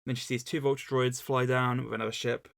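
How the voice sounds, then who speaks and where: A man's voice: medium pitch, level tone, brisk, creaky, a bit bright. A man co-hosting a casual book club podcast, retelling the plot in a rambling, chatty way. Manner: rambling, chatty retelling with many fillers and restarts. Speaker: podcast co-host.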